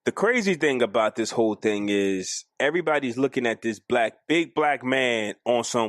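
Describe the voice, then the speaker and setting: A man co-hosting a podcast in casual chat, animated and arguing his point, acting out quoted lines. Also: mid-range voice, moderate pace, hardly any pauses, no room sound, studio quality. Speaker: podcast co-host.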